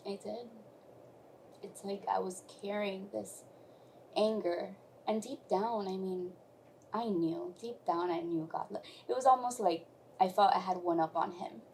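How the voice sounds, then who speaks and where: A woman guest sharing a personal testimony in conversation, speaking softly and reflectively, then rising into emotional emphasis. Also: medium pitch, measured pace, vocal fry, a little hiss or hum, low-quality recording.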